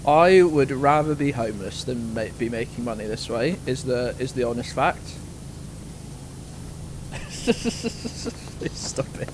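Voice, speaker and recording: Animated man streaming a game. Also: mid-range voice, slow pace, background noise. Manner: joking, exclaiming, laughing at chat. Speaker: streamer host. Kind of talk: casual live-stream chat.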